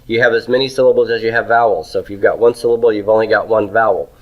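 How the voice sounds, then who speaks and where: On a muffled recording, a man with a lowish voice and fairly even intonation speaks fast while teaching Hebrew grammar. He writes on the board, poses questions to students and answers them himself, and keeps asking "okay?" and "right?".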